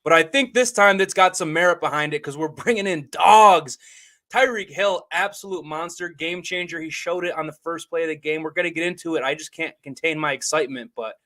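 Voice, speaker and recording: A man's voice: on the high side, fairly quick, pushed and bright. Laid-back man co-hosting sports chat. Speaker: co-host.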